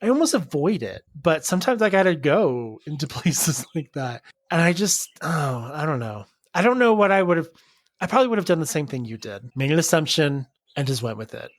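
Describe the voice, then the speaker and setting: A man's voice: a little high, sing-song, normal speed, dry recording. A man co-hosting a casual podcast, reflective and supportive as he talks things through. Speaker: podcast co-host. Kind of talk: casual chat.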